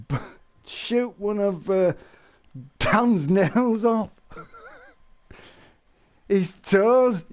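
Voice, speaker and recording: A man live-streaming, chatting casually with viewers, rambling and laughing, with exaggerated shouted sound effects. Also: high-pitched.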